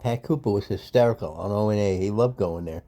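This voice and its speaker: A man's voice: on the low side, a little fast, dark tone. A man co-hosting a podcast, heckling the host bluntly in casual chat.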